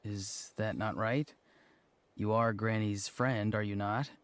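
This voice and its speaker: A man's voice: lowish voice, fairly even intonation, slight background noise. A man voicing a dreamy young man who talks in formal, flowery riddles, in a video game. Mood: earnest. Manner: slow, formal, poetic.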